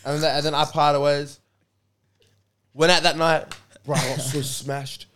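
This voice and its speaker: A young man telling a story in casual chat with friends, animated and laughing, full of slang. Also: on the high side, a little slow, slight background noise.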